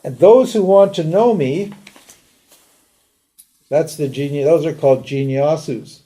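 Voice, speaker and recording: A man's voice: fairly high pitch, a little slow, warm tone. An older man teaching a live lecture in a conversational way, asking rhetorical questions and acting out pleading prayers. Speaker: Vedanta teacher.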